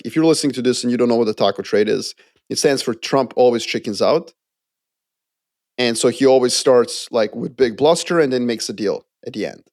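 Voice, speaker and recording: Man, podcast co-host, casual chat, animated, mid pitch, dry close sound. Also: no room sound. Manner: animated, acts out quoted voices.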